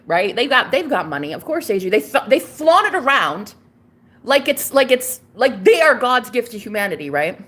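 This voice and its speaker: A woman's voice: on the high side, a bit bright. A woman in her thirties ranting in a casual monologue, sassy, emphatic and full of swearing. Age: 30s.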